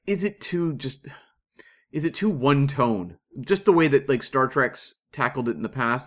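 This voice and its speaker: A man's voice: medium pitch, a bit bright. A Canadian man co-hosting a podcast, chatting casually and enthusiastically with plenty of fillers. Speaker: podcast co-host.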